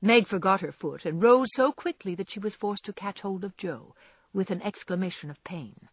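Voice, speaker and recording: A woman narrating a classic novel aloud with expressive storytelling. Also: mid-range voice, moderate pace, breathy edge, dry recording. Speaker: audiobook narrator.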